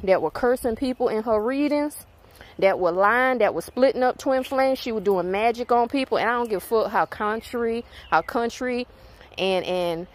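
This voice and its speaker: Her voice on the high side and her pace moderate, a spiritual channel host with a Southern US accent vents angrily at her viewers. She is blunt and emphatic, swearing freely throughout.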